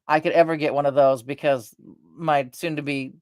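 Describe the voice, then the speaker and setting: A middle-aged woman rambling through family stories in a casual, animated vlog chat. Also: deep voice, normal speed, no room sound, studio quality. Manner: rambling, animated, talks with her face. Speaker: vlogger.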